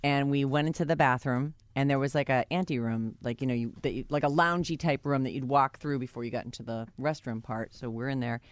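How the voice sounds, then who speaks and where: A woman co-hosting a casual chat show, telling lively anecdotes with lots of laughs. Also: rumbling low, brisk, hardly any pauses, no room sound. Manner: chatty storyteller, lively and laughing.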